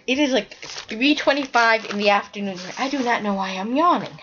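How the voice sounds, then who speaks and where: Chatty woman with a high voice. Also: moderate pace, a bit bright, husky, dull audio. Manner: chatty and rambling, with frequent self-corrections. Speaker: knitting podcast host. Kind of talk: casual chat showing knitting to camera.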